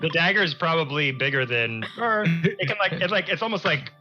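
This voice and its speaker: A man running a tabletop game, thinking aloud with lots of halting fillers. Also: on the high side, highs cut off, music in the background. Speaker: game master.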